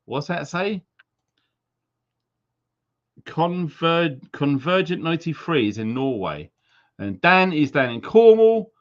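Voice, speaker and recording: A man's voice: a little high, expressive, slow, long pauses. Chatty man hosting a live stream. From Wales. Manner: chatty, jokey, slips into silly accents. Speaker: livestream host. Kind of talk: casual live-stream shout-outs. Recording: slightly dull lo-fi stream audio.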